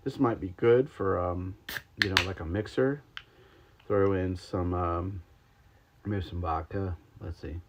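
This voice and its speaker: A man's voice: sits low, fairly even intonation, slow, pauses often, slight background noise. A man hosting a livestream, chatting casually and rambling with lots of ums and likes while taste-testing sodas. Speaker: podcast host. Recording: slightly dull lo-fi stream audio.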